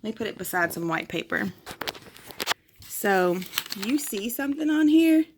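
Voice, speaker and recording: A woman's voice: medium pitch, sing-song, a little slow, background noise. Young woman, casual and frank, chatting to her viewers at home. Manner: chatty, frank, with many fillers. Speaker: vlogger sharing pregnancy test results. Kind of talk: casual chat to camera. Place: home, indoors.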